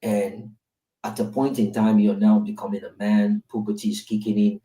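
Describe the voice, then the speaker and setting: A man's voice: fairly low pitch, flat delivery, moderate pace, dark tone. A Nigerian man, a father in his thirties, telling his own story in candid podcast talk and often checking in with "right?". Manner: candid storytelling with tag questions. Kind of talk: reflective casual podcast talk. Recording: roomy, distant mic.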